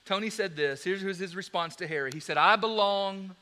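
A preacher tells a sermon story with animated, dramatic delivery. His voice sits high for a man and sounds bright and forward. He moves quickly between loud and quiet passages.

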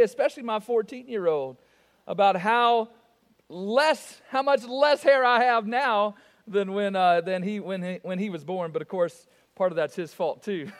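A man from the American South, a pastor with a Southern US accent, preaching a folksy, joking, conversational sermon. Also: very high-pitched. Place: church sanctuary. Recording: long reverb of a church hall.

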